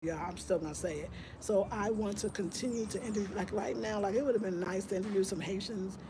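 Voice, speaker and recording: A woman hosting her home decor vlog, chatting in a rambling, excitable way and correcting herself as she goes. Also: medium pitch, fast, background noise. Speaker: vlogger, home decor channel host. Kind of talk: casual vlog chat.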